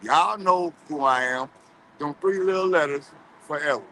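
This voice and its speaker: A man's voice: a little high, normal speed, bright, forceful tone, a little hiss or hum, rough recording. A man speaking earnestly and emphatically as a guest on a livestream.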